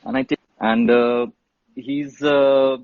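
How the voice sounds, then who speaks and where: A man who tells a story in a casual, animated way and swears freely. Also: mid-range voice, slow pace, no echo. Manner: animated, swears freely, says bro and dude. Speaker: guest telling a story. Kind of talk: casual storytelling on a live stream. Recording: dull, muffled sound.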